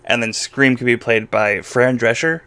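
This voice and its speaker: A man's voice: mid-range voice, steady tone, normal speed, bright, forceful tone, clear, resonant tone. A man hosting a casual live-streamed chat, reading viewer comments with a dry, teasing manner. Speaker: podcast host.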